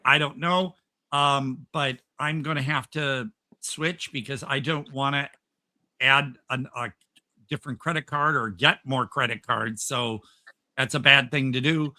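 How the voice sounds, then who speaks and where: Bright-voiced rambling male podcast host. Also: mid-range voice, steady tone, measured pace, dry recording. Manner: rambling, enthusiastic, many fillers and restarts. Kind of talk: casual chat.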